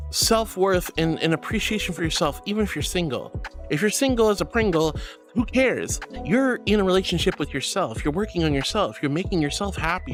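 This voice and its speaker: A woman livestreaming who reads chat messages aloud and answers them in a bubbly, gushing, affectionate way, with squeals and baby talk. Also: lowish voice. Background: faint music.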